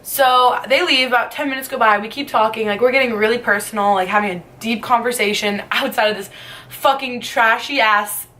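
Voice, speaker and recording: A woman's voice: fairly high pitch, brisk, sharp tone. Chatty young woman telling a story. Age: young adult. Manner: chatty, lots of "like" fillers and swearing. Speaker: vlogger. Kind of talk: storytime vlog.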